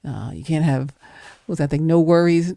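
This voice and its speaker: Emphatic woman with a mellow voice. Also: low voice, lively intonation, moderate pace, vocal fry, no echo, studio quality. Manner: emphatic, preacher-like, acts out doubting inner voices. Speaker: guest speaker. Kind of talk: motivational faith talk.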